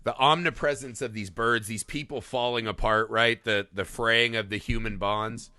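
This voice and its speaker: A man in his thirties co-hosting a film podcast, his voice very bright and forceful. He tells stories with animated energy, swears freely and keeps checking in with "right?". The sound is dry and close. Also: mid-range voice, normal speed, dry recording. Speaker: podcast co-host. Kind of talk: casual film podcast chat.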